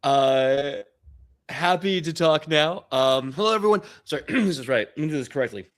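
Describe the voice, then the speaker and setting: A man game master wrapping up a live tabletop show with energetic, playful hosting. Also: on the high side, normal speed. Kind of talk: live actual-play outro.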